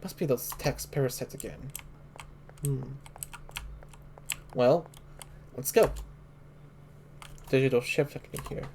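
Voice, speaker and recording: A let's play host sits with the game, reading each line of on-screen dialogue aloud in a flat, even voice. In the pauses they hum, sing little nonsense tunes and make small reactions. The delivery is relaxed and unhurried. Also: medium pitch, gravelly.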